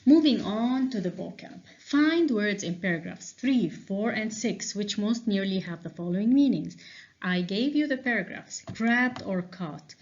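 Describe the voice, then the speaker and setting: A woman teacher going through revision answers with a class, explaining slowly and checking in with frequent "okay?"s. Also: medium pitch, darkish tone. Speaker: English teacher. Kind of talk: revision lesson walkthrough. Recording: dull lo-fi recording.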